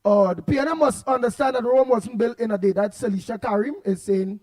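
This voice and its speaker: A man's voice: extremely high pitch, a little fast. A Trinidadian man hosting a radio talk show, chatting loosely and animatedly as he reads out listener comments. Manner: animated, repetitive, laughs often, loud outbursts. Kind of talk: casual radio chat reading listener comments.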